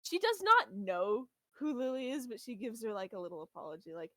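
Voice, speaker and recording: A woman player quickly and softly narrating her character's action at a tabletop game. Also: a little high, sing-song, dry recording.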